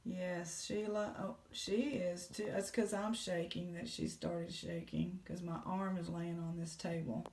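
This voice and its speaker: A woman, casually chatting in a jewelry vlog, excited and exclaiming in shock. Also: on the low side, a little slow, creaky, hardly any pauses. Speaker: jewelry unboxing vlogger.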